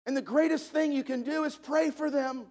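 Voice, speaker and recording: A man's voice: extremely high pitch, fairly even intonation, moderate pace, a little mellow. A man preaching a sermon to a congregation, repeating key phrases for emphasis in a preacher's cadence. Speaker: pastor.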